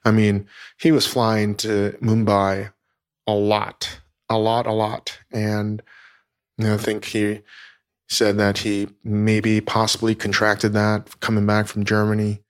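Man host with a lowish voice, halting, emotional delivery, stops and restarts a lot. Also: monotone, clear, resonant tone. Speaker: podcast host. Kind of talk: casual podcast talk. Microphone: teleconference recording.

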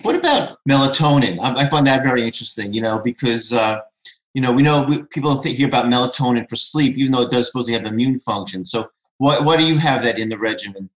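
A man's voice: mid-range voice, quick pace. A man hosting a podcast interview, asking long, rambling questions full of fillers. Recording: roomy echo.

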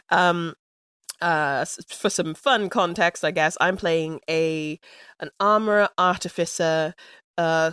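A woman's voice: fairly low pitch, a bit bright, clean tone, no echo, studio quality. A woman from London co-hosting a podcast, telling a game story in a playful, giggly way. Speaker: podcast co-host. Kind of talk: casual chat, storytelling.

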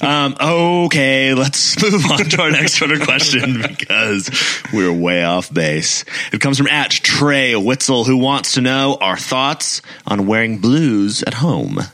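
A man co-hosting a casual sports podcast who reads out listener questions in a relaxed, wry way. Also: mid-range voice, slow pace, hardly any pauses.

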